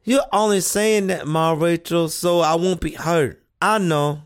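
A woman voicing an earnest, thoughtful seven-year-old boy, who speaks slowly and questioningly in an audio play reading. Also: on the low side, steady tone, clear, resonant tone, close to an everyday voice. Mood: hurt. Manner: slow, earnest childlike questioning.

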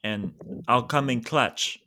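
A man's voice: mid-range voice, takes it slowly, pushed and bright. A man voicing a nervous young valet driver with a put-on Cockney accent, hesitant and stammering in an improvised comedy scene. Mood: bumbling.

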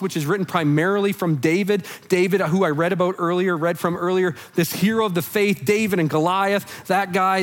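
Male pastor, higher voice, earnest conversational sermon, softens on heavy lines. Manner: drops soft and low on heavy lines.

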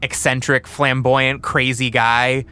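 Bright-voiced guy rambling awkward in an improv podcast, keeps second-guessing himself. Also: medium pitch, flat delivery, unhurried, clean tone. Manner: awkward, rambling, self-doubting.

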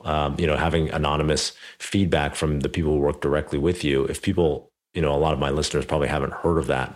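A man hosting a podcast interview, telling a personal story casually with lots of "like" and "you know". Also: a bass voice. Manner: animated, many fillers like "like" and "you know". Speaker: podcast host.

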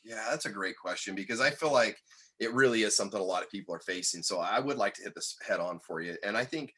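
A man guest on a podcast, telling a personal story in an earnest, candid way that turns animated when he quotes others. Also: on the low side, fast talker, breathy edge.

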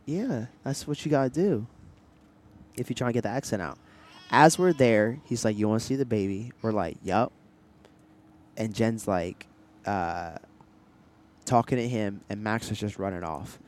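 A young man co-hosting a casual podcast, telling animated stories and trying out silly accents. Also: on the low side, moderate pace. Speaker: podcast co-host. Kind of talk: casual chat.

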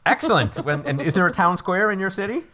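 A man's voice: high voice, animated, fast, pushed and bright. A man hosting a comedy quiz podcast, joking breezily as he wraps up and reads the plugs. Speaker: quiz show host.

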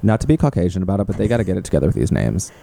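Deep gravelly man, joking casually. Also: sing-song, very fast, warm tone. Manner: joking, rambling, profane. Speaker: podcast co-host. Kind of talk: casual chat.

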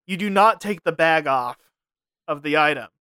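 A man with a fairly high, smooth voice co-hosts a casual podcast. He jokes and laughs often and keeps throwing in quick asides. The sound is close and dry, with no room echo. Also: animated, sharp tone. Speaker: podcast co-host.

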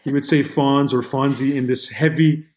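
A man's voice: mid-range voice, steady tone, moderate pace. A man from Montreal, a camera operator guest, telling stories casually with lots of restarts and fillers. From Montreal, Canada. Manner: rambling, many restarts and "you know". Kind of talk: casual interview storytelling.

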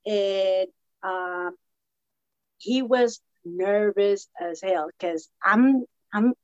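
A woman's voice: mid-range voice, drawn-out words, clean tone, no room sound, muffled recording. A woman casually telling a podcast host how she met her husband, acting out every line of dialogue. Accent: Latina American English. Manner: animated, acts out quoted dialogue. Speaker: podcast guest. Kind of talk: casual storytelling chat.

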